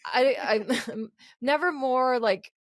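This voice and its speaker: A woman's voice: high-pitched, very slow, no room sound. A woman podcast co-host in casual chat, teasing and rambling with restarts.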